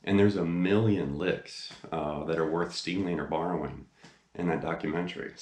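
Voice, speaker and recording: A man's voice: sits low, fairly even intonation, moderate pace, roomy sound. A man hosting a guitar lesson video, seated in front of a camera and chatting enthusiastically with lots of fillers. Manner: enthusiastic, rambling with many fillers. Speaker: guitar teacher, channel host. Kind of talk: casual video lesson talk. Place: indoor room, seated facing camera.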